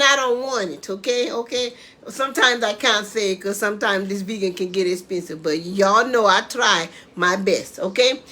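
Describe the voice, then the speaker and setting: Running a live stream of her home cooking, this woman keeps the talk chatty and keeps tagging lines with "okay?". She sits high in pitch and sounds sharp.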